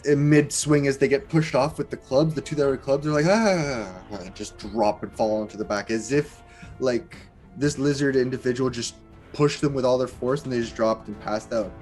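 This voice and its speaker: A man's voice: medium pitch, fairly even intonation, normal speed, a little mellow, soft background music. A man narrating a tabletop game as game master in a casual, laughing way. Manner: casual, laughing, gestures as he describes.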